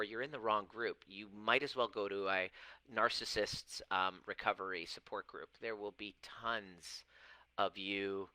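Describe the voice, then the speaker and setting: A man in his forties who coaches and used to be a chiropractor, giving a monologue to camera. He stresses words by stretching them slowly and often restarts phrases. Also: fairly low pitch, steady tone, pushed and bright, smooth, no echo, rough recording. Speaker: self-help coach and former chiropractor. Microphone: camera mic.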